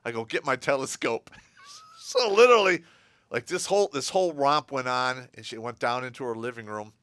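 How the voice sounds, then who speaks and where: A man's voice: medium pitch, sing-song, fairly quick, a bit bright, smooth, no room sound. A man co-hosting a casual livestream chat, telling a story and laughing through the punchlines. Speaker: co-host.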